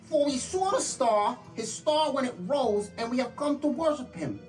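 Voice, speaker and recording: Woman doing a wise guy reading the bible out loud, faint music behind. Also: high-pitched, expressive, moderate pace, low-quality recording. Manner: reads scripture aloud, then slips into gangster talk.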